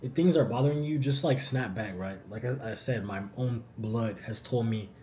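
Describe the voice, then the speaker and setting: A young man answering viewer questions in a casual vlog, animated and slangy. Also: medium pitch, moderate pace, slight background noise. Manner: animated, slangy, says "bro" often.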